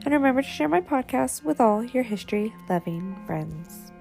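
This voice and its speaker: A woman's voice: fairly high pitch, expressive, normal speed, creaky, over music. A woman hosting a short history podcast, reading a scripted account in a friendly, casual tone. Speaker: podcast host.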